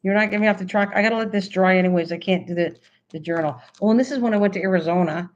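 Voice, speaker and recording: A woman hosting a casual craft livestream, chatting excitedly and answering her chat as she goes. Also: medium pitch, very fast. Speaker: livestream host. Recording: slightly dull lo-fi stream audio.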